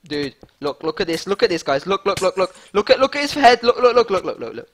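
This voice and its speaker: A man giving excitable live gameplay commentary as a gaming YouTuber, hyped and repeating himself. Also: high-pitched, fast talker.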